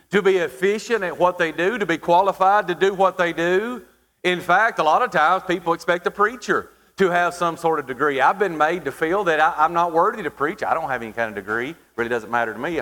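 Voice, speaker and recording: Male preacher, high voice, dramatic pauses; sermon in a reverberant church hall. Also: a bit bright.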